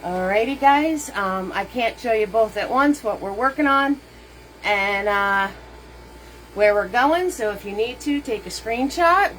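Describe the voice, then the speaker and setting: A woman's voice: on the high side, animated, a little slow, fairly bright tone, slight background noise, rough recording. A woman hosting a live painting lesson. She chats cheerfully with viewers, greets each one by name with pet names, and laughs often between steps. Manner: playful made-up words.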